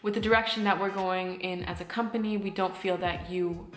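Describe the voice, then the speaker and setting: A woman's voice: fairly low pitch, steady tone, a little fast, a bit bright, roomy sound, natural voice. A woman mimicking a polite, evasive female HR manager who hedges in stiff corporate phrasing.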